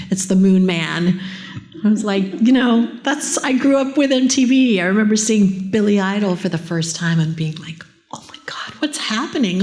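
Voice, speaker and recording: A woman's voice: mid-range voice, darkish tone. Chatty enthusiastic woman on a panel. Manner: chatty, enthusiastic, wanders into tangents. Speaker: voice actress panel guest. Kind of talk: casual convention panel chat. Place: convention panel stage.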